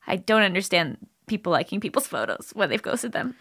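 A woman's voice: mid-range voice, sing-song, moderate pace, fairly bright tone, slightly rough, dry recording. Dry-humored woman podcast co-host. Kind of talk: casual podcast chat.

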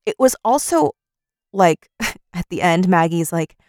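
A young woman co-hosting a casual book podcast, lively, acting out characters in quick put-on voices and laughing often. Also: lowish voice, no echo, studio quality. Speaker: podcast co-host. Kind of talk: casual book-club chat.

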